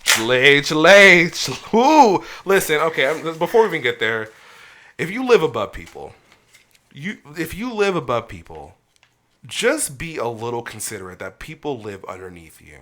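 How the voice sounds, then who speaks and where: A man in a medium pitch holds forth on a casual podcast, venting his grievances with heated profanity. He tells his stories animatedly. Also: normal speed. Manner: animated storytelling. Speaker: podcast host.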